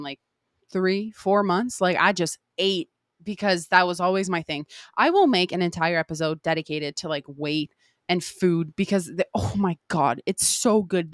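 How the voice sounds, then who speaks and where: A woman's voice: mid-range voice, no echo, studio quality. A young woman hosting a podcast, talking candidly in a casual spiritual monologue, swearing freely and acting out her own inner voices. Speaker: podcast host.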